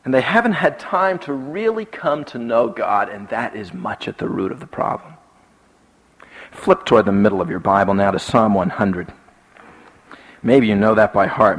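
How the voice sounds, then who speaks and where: A man's voice: fairly low pitch, a bit bright. Man preaching in a reverberant hall. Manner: storytelling, repeats key lines for emphasis. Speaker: pastor. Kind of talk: sermon. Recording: long reverb from a large hall.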